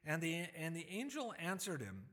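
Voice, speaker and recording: A man's voice: a little high, wildly swooping pitch, moderate pace, fairly bright tone. Man preaching in a reverberant hall. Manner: conversational preaching with fillers and restarts, acting out quotes. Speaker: pastor. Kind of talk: sermon.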